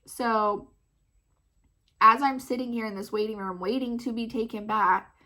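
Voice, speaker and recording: A mother vlogging, retelling a story in a casual, animated way full of "like". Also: fairly high pitch, measured pace. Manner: animated, filler-heavy retelling with many "like"s.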